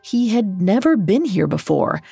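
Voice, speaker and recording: A woman narrating a scripted storybook in a measured, gently dramatic way. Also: medium pitch, sing-song, creaky, slightly rough, no room sound, faint music behind.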